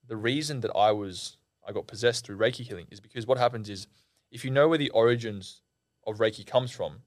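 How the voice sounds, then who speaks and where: A young man, a podcast guest, telling a story in a casual, animated and slangy way, full of "like" and "bro". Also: on the low side, no room sound, studio quality. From Australia.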